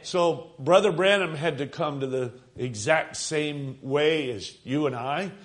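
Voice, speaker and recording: Earnest emphasis marks this man's preaching; his voice is a little high, and he lengthens key phrases while pausing on fillers as he moves between thoughts.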